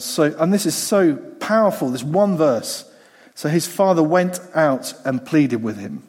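A man's voice: on the high side, lively intonation, measured pace, a little mellow, slightly rough. A man preaching a sermon in a conversational way, repeating phrases for emphasis. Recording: long hall reverb.

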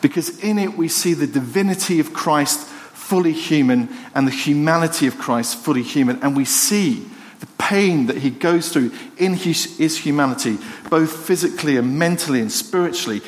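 A man's voice: on the high side, lively intonation, moderate pace, few pauses. A male pastor, preaching a sermon in a conversational, self-deprecating storytelling manner. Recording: hall reverb, faint noise.

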